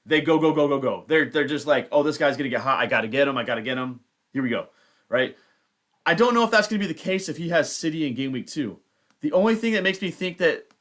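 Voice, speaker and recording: A young man with a voice on the high side and a bit bright hosts a fantasy football livestream. His casual commentary rambles as he thinks aloud.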